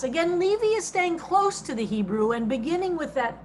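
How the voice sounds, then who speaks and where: A woman with a high, light voice leads a text study as a rabbi over a video call. She reads each translated phrase slowly and stresses it, then explains it in an easy teaching tone. A faint hiss sits under the call audio. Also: sing-song.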